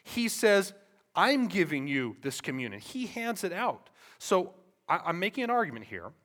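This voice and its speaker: Impassioned high-voiced male preacher. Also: sing-song, normal speed. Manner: impassioned, swings from soft to loud emphasis; conversational asides and rhetorical questions. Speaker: pastor. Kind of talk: sermon. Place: church.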